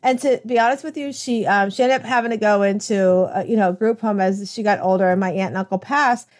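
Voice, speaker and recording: A woman's voice: medium pitch, quick pace, darkish tone. A woman hosting a podcast interview, talking with enthusiasm in long rambling stretches full of restarts. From United States. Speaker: podcast host. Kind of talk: conversational interview.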